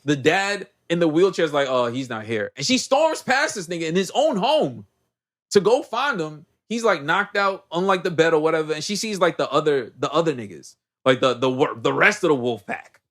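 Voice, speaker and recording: A man co-hosting a podcast, recapping a movie in casual chat with heavy slang and lively storytelling. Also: on the high side, moderate pace. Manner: animated storyteller, heavy slang, acts out characters. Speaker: podcast co-host.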